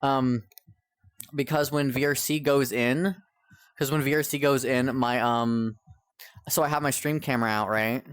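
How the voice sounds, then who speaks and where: His game won't stop failing, so this young adult rambles to his viewers on stream, exasperated and cursing frequently. The voice is mid-range and smooth, fairly even in intonation, a little slow with many pauses, recorded with no echo.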